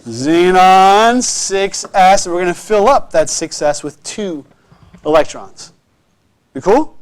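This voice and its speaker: Teaching chemistry to a class at a slow pace, a man speaks in an animated, fairly high voice. He offers steady encouragement and often asks whether the students are keeping up.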